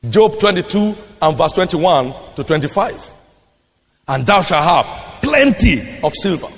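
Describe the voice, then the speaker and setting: A man preaches with a high, lively voice that swings widely in pitch. He repeats his lines for emphasis and climbs into shouted declarations. The sound carries a long reverb, as in a large hall. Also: measured pace. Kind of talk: sermon.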